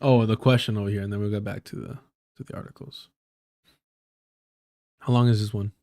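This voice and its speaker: A man's voice: fairly low pitch, steady tone, fairly quick, a little mellow. A man hosting a live stream, telling a story in a casual, joking way with a lot of slang and swearing.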